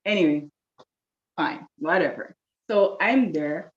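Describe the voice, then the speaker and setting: A woman telling a lively personal story, acting out the voices of people she quotes, with a slightly dull recording. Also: on the low side, takes it slowly. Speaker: guest telling her love story. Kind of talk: animated storytelling.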